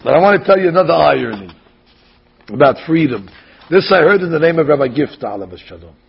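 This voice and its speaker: A man giving an animated sermon as a rabbi, telling stories and acting out the quotes. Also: a little high, brisk, vocal fry, husky, lo-fi sound. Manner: animated storytelling, acts out quotes.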